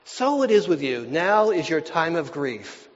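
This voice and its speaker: A man preaching a sermon, repeating phrases for emphasis and swinging between loud declarations and near whispers. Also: on the high side, very animated, unhurried. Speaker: pastor. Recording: dull lo-fi hall recording.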